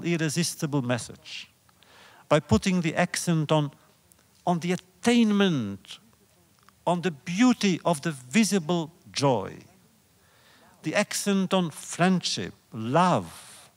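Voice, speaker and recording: A man giving a public lecture on religious history in a lecture hall, speaking in a measured, deliberate way with rhetorical repetition. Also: a little high.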